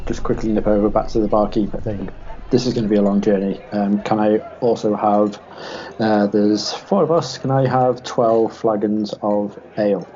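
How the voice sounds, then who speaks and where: Excitable man, lo-fi mic. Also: on the low side, moderate pace. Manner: excitable, acts out his character's lines. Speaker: player. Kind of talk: casual tabletop game chat. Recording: muffled lo-fi mic, faint background hiss.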